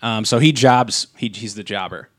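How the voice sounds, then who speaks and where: A man's voice: lowish voice, moderate pace, dry recording. A man co-hosting a podcast in casual chat, rambling with many fillers and restarts on a close mic. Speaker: podcast co-host.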